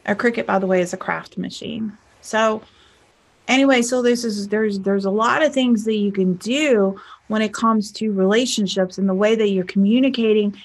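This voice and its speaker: A woman's voice: mid-range voice, normal speed. A woman life coach giving casual relationship advice in a chatty storytelling manner, acting out bits of dialogue. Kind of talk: casual advice talk to viewers.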